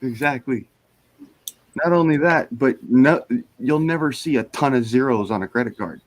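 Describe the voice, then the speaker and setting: A man's voice: medium pitch, moderate pace, no echo. A man hosting his live stream, laid-back and casually swearing. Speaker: streamer host. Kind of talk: casual chat.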